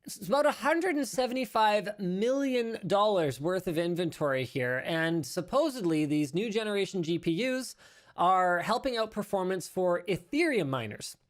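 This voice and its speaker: A man hosting a casual tech news podcast, talking in an animated, rambling way and correcting himself as he goes. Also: high voice, normal speed. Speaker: podcast host. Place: studio.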